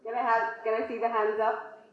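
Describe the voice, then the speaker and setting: A woman addresses nurses in a motivational talk, coaxing the audience to answer with raised hands. Her voice sits fairly high. The sound is roomy and echoey, and somewhat dull and lo-fi. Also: little pitch movement, moderate pace. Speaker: guest speaker.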